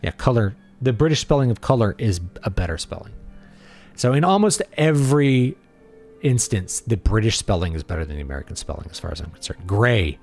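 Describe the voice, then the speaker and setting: A man's voice: on the low side, animated, a little fast, vocal fry, a little mellow, soft background music. A man hosting a casual livestream who talks in a blunt, opinionated and playful way. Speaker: livestream host and writer.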